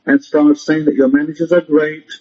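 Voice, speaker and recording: A man's voice: on the high side, level tone, moderate pace, a little mellow. A man giving a motivational religious lecture, emphatic and repetitive, often commanding his listeners. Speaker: rabbi teaching a lecture. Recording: muffled lo-fi audio.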